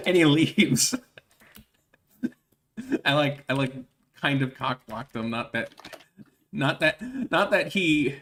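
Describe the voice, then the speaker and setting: A man telling rambling anecdotes in a relaxed, casual streaming chat. He laughs through his stories and restarts his sentences often. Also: a little high, takes it slowly, pauses often. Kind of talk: casual chat while drawing.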